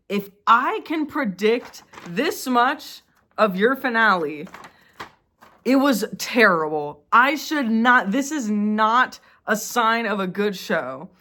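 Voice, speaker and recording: A young woman vlogging casually, ranting in an exasperated, animated way with lots of fillers. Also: fairly high pitch, takes it slowly. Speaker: YouTuber. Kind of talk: casual vlog commentary.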